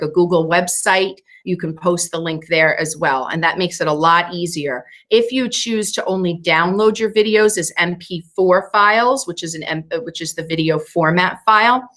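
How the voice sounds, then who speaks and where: A woman leading a teacher training over a video call, walking through software steps casually, and she says she is losing her voice. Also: lowish voice. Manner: explains steps casually with fillers. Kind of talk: screen-share training session.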